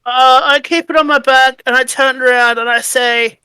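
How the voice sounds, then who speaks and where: A woman playing in a tabletop game, talking casually in an unhurried, questioning way. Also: sits high, steady tone, bright, forceful tone, clear, resonant tone, dry recording, low-quality recording. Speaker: player.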